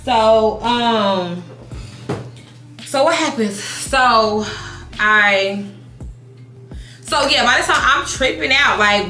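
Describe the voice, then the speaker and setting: A woman in her thirties telling a casual storytime while doing her makeup, animated, swearing, restarting her sentences. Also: mid-range voice, slow pace, pauses often, reverberant, faint music behind. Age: 30s. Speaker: beauty vlogger. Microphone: compact camera mic.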